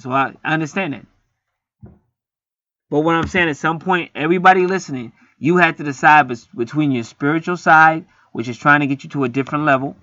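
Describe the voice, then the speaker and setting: A man's voice: fairly high pitch, bright, forceful tone, dry recording. A man reading an astrology chart aloud in a rambling, profane, joking monologue. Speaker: astrology reader. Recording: slightly muffled lo-fi recording.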